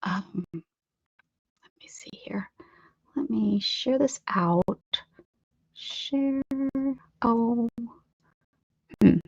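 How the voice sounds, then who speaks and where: A woman's voice: on the high side, drawn-out words, pauses often, darkish tone, husky, no room sound, dull audio. A woman hosting a casual art livestream from her craft table at home, chatting with viewers and greeting them by name.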